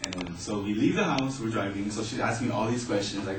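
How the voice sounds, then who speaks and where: A man telling a personal story in a casual, animated way. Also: on the low side, fast, hardly any pauses, a little hiss or hum. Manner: animated, acting out voices in his story. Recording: roomy, distant mic, faint ambience.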